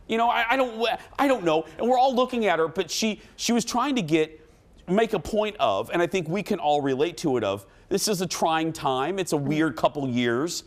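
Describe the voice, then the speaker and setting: A man hosting a talk show, telling a story in a casual, animated way and acting out what people said. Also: sits high, brisk. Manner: animated storytelling, acts out quotes. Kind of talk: casual chat.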